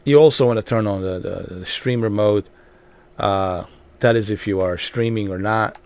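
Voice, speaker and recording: A man giving casual, rambling gameplay commentary as a channel host, repeating himself and filling pauses with ums and uhs. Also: lowish voice, darkish tone, clean tone.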